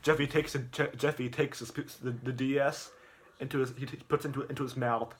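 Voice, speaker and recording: A man's voice: medium pitch, fairly even intonation, a little fast, slight background noise. A man in a rambling rant, full of stammered restarts and swearing. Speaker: youtuber.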